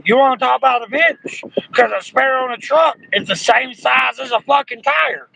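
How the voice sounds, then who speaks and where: High-pitched gravelly man, emphatic. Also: moderate pace, pushed and bright. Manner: emphatic, repeats himself, profane. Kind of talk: casual bar chat. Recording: muffled with faint noise.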